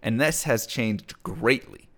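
A man's voice: mid-range voice, slow pace, a bit bright. A man giving an explanatory talk on pricing psychology, acting out shoppers' thoughts in quoted asides. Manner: mentions his own book.

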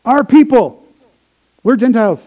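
A man preaching a sermon, swinging from quiet explanation to excited retellings of the crowd. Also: extremely high pitch, measured pace, lo-fi sound. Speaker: pastor.

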